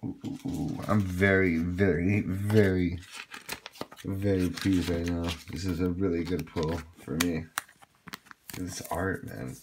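A man hosting a card pack-opening video, chatting casually and getting excited over his pulls, with quick apologetic asides. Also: deep voice, background noise. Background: crinkling packs and shuffling cards.

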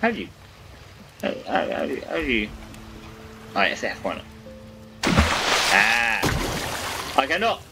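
A man talking to himself through a survival game, excitable and prone to swearing, with game music behind him. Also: mid-range voice, takes it slowly, long pauses. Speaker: gaming YouTuber. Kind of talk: let's-play commentary.

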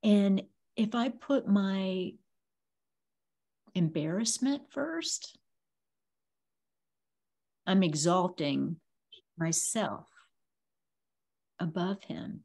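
A woman hosting a casual preaching stream, talking in a loose, conversational way and filling her pauses with little phrases. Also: medium pitch, very animated, gravelly, darkish tone. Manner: conversational, drawn-out, leans on filler phrases. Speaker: ministry host.

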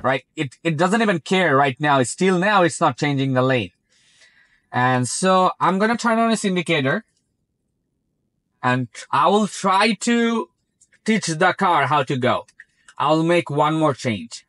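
A man's voice: a little high, no room sound. Chatty non-native English-speaking man, dry sound. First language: not English. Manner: chatty, repeats "very" and "like", excitable. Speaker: vlogger testing his car's self-driving. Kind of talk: casual driving commentary. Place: inside a moving car.

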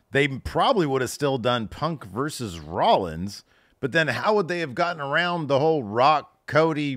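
A man's voice: mid-range voice, fairly bright tone, dry recording, clean studio sound. A middle-aged man hosting a wrestling podcast, reacting in casual commentary with sarcastic, self-mocking outbursts.

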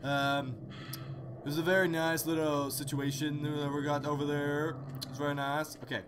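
A man hosting horror let's-play commentary, joking sarcastically and yelling in fright. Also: fairly high pitch, normal speed, background noise. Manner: excitable, jokey, sarcastic, screams in fright. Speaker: gaming channel host.

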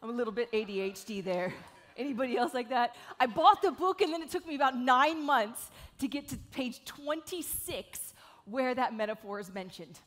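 A woman delivers a live keynote to an audience. She is lively and frank, joking and casually swearing. Her voice sits somewhat high. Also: moderate pace. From South Carolina, USA. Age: 40s. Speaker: keynote speaker and live speed painter. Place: event stage before an audience.

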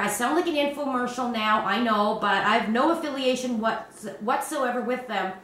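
Chatting casually on her crochet video, a woman from Canada rambles and laughs often, her fairly high voice pushed and bright at a normal speed. The distant, roomy recording has slight background noise.

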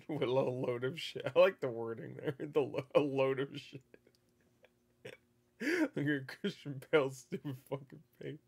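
A man's voice: medium pitch, animated, a little slow, gravelly, long pauses, breathy edge. A man hosting a meme reaction video, laughing and swearing as he rambles loosely through clips. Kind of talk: casual reaction commentary.

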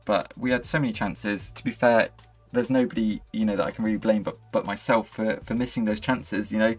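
A man's voice: lowish voice, fairly quick, soft background music. A young man commentating his own football video game match, swinging between hype and frustration. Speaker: gaming channel host. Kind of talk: live gameplay commentary.

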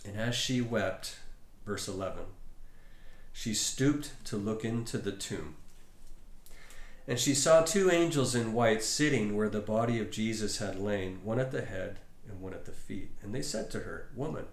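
A man preaching a sermon, telling the story dramatically with long pauses. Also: fairly low pitch. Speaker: pastor. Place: church. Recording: roomy church hall.

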